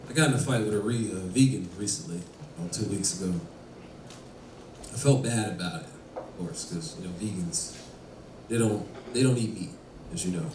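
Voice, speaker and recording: A man doing a stand-up set with a dry, quick delivery. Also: on the low side, animated. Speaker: stand-up comedian. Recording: roomy, distant, faint noise.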